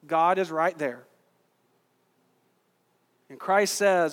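A man preaching a sermon as pastor, talking to his congregation in a conversational way, asking rhetorical questions and slowing down for emphasis. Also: high-pitched, fairly bright tone. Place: church sanctuary. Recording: long reverb of a church hall.

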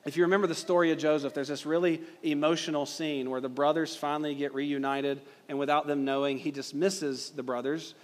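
A man's voice: on the high side, little pitch movement, fairly quick, few pauses. A male pastor preaching a sermon, emphatic and driving points home with rhetorical questions. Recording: long reverb of a hall.

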